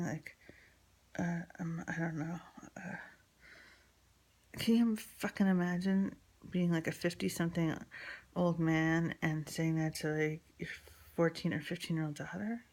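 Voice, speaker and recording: Telling a story from her own life, a woman in her forties from New York speaks in a low-sitting voice. Her style is blunt and meandering, loaded with fillers and curse words.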